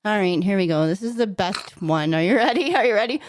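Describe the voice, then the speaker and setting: A woman's voice: mid-range voice, lively intonation, a little fast, a little hiss or hum. A woman co-hosting a podcast, telling jokes casually and getting flustered and laughing at her own slip-ups. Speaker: podcast co-host.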